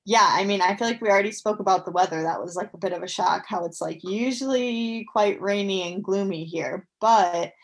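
A woman's voice: medium pitch, brisk, few pauses. Woman, twenties, casual interview chat, upbeat, filler-heavy. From United States. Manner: chatty, frequent fillers, upbeat. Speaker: guest, professional athlete.

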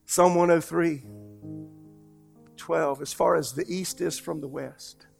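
A man preaching a sermon as pastor, telling stories and swinging between hushed lines and loud, emphatic ones. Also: a little high, steady tone, slow pace, gravelly, music in the background.

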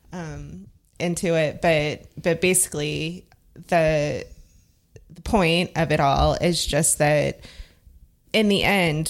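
A woman in a casual podcast discussion, talking thoughtfully and hesitantly, with many fillers and restarts. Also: low voice.

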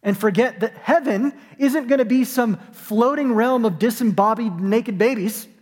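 A man preaching a sermon, telling a story and moving between hushed, soft moments and rising, emphatic calls. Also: extremely high pitch, normal speed. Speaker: pastor. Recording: long hall reverb.

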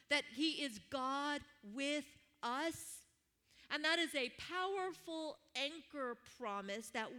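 Bright-voiced woman preacher in her fifties. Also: high-pitched. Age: 50s. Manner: warm storytelling with laughs and prayer. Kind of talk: sermon with personal story.

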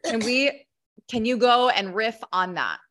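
A woman with a bright, clear-toned voice hosts a casual podcast interview. She prompts her guest in an encouraging, easygoing way. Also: a little high, expressive, unhurried, a little hiss or hum. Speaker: host.

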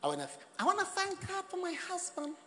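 A man's voice: very high voice, huge pitch swings, brisk, a bit bright, voice pushed up, exaggerated voice. A man voicing a gushing wife giving a theatrical, tearful-sounding speech of praise for her husband. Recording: live church with noisy crowd laughter.

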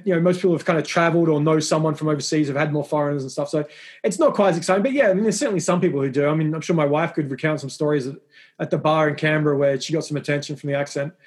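A middle-aged Australian man with an Australian accent and a highish, darkish voice is the guest in a casual interview. He tells stories in a rambling, self-deprecating, easygoing way.

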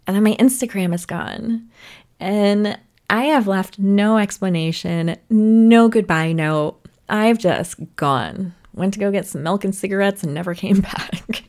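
Woman podcast host, solo chat into a mic; slow and unhurried, playful, theatrical, swears casually. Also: mid-range voice, darkish tone. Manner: chatty, swears freely, playful and dramatic. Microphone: podcast microphone.

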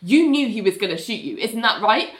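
A woman's voice: fairly high pitch, expressive, fairly quick, pitched above the performer's own voice, natural voice. A woman putting on the voice of a fussy, cheeky male lawyer who needles a witness with smug questions, in an echoey room. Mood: needling.

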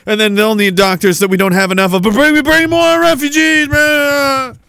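A man voicing a whiny, panicking, clueless male official who whines and shouts. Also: flat delivery, moderate pace, gravelly, smooth, dry recording, studio quality, heavily acted. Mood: whiny panic. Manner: shrill, whining, shouting.

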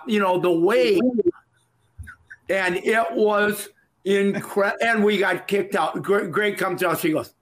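A middle-aged man from Minnesota, a former wrestler guesting on a podcast, telling stories in a lively way and acting out the voices. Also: high voice. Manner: animated storyteller, laughs and acts out quotes. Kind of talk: casual storytelling.

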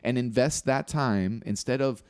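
A man's voice: mid-range voice, measured pace, darkish tone, no room sound, clean studio sound. A man in casual conversation, earnestly explaining things step by step. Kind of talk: casual chat.

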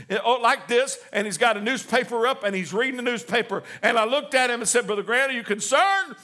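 Man, pastor, sermon, bright forceful tone, slightly high voice, fervent preaching. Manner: preaching in rising, fervent waves; reads scripture slowly with emphasis.

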